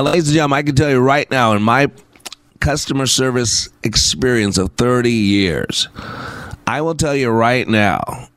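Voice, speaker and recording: A man's voice: on the low side, no echo. A middle-aged man hosting a motivational talk radio show, emphatic and preachy, piling up lists as he builds his points. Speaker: radio show host and leadership coach.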